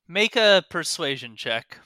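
A man narrating a tabletop game as game master, halting with many fillers. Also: on the high side, pushed and bright.

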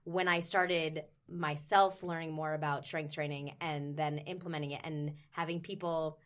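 A young woman with a slightly low voice, talking on a casual podcast as a personal trainer. She is chatty and enthusiastic, using plenty of fillers. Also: fairly even intonation, normal speed. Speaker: personal trainer and former performer.

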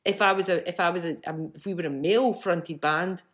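A woman's voice: fairly low pitch, fairly even intonation, a little fast. A middle-aged Scottish woman, a band frontwoman, telling stories bluntly in a casual interview, swearing freely. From Scotland.

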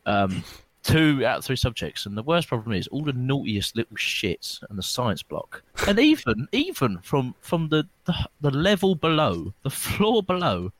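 A man's voice: medium pitch, moderate pace, no echo, poor audio. A young man chatting casually with friends, telling school stories with plenty of swearing and acted-out quotes. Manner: animated storyteller, swears freely, acts out quotes. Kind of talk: casual chat.

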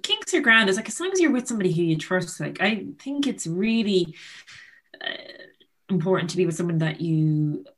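A woman's voice: lowish voice, lively intonation, moderate pace. A woman with an Irish accent, a podcast guest chatting casually and laughing at herself. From Ireland. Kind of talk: casual chat.

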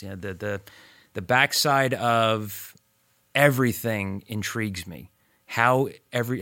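A man interviewed as a former student, telling stories with lively acted-out quotes. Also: mid-range voice, dry recording, studio quality. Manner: animated, acts out quoted voices. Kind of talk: storytelling interview.

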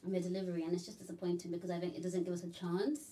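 A woman's voice: lowish voice, level tone, racing, warm tone, far from the mic. A woman in a casual podcast chat, explaining her thoughts at length.

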